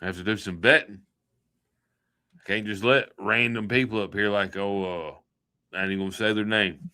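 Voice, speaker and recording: A man's voice: lowish voice, fairly even intonation, brisk, bright, forceful tone. A man hosting a livestream, rambling through a joking, folksy sign-off chat. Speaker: livestream host.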